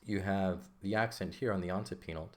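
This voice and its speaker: A man's voice: low voice, brisk. A man teaching a recorded Greek grammar lesson, explaining patiently and checking in with frequent "okay?" as he writes.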